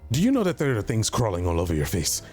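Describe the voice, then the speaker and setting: A man's voice: fairly low pitch, huge pitch swings, fast talker, darkish tone, faint music behind. A man playing a tabletop role-playing game, talking in stammering, flustered apologies, slipping in and out of character. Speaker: player.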